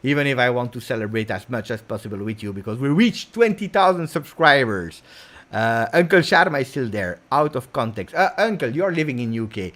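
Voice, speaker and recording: Italian man hosting a football livestream, lively pitch, chatty with fillers. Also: fairly quick. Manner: animated, chatty, many fillers. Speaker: football channel host. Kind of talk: casual livestream chat.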